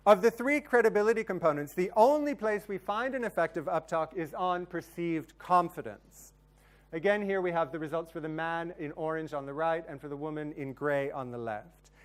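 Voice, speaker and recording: A man's voice: high voice, moderate pace. A man giving a plenary academic lecture, explaining research results step by step with the occasional um. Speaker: conference plenary speaker.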